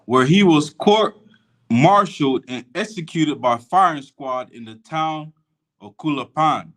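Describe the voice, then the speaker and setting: Guy reading history out loud in a podcast chat, slow, trips on names. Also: fairly high pitch. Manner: reads slowly, stumbling over foreign names. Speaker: co-host reading aloud. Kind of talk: reading a text aloud with commentary.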